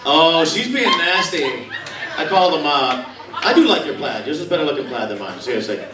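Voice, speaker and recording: A man's voice: fairly high pitch, very animated, moderate pace, echoey room, far from the mic, heavy background noise. A male stand-up comedian from Michigan doing crude crowd-work jokes on a club stage, with the audience laughing behind him.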